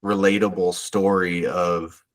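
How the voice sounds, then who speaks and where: Animated low-voiced podcast man. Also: a little slow. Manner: animated, acts out characters' lines in raised voice. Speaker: podcast co-host. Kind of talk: casual chat.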